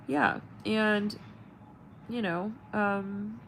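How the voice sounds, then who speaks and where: A woman's voice: mid-range voice, steady tone, drawn-out words, gravelly, fairly bright tone, a little hiss or hum, low-quality recording. A woman tarot reader and channel host chatting casually to her viewers, rambling, swearing, and searching for her words with many fillers. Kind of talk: casual livestream chat.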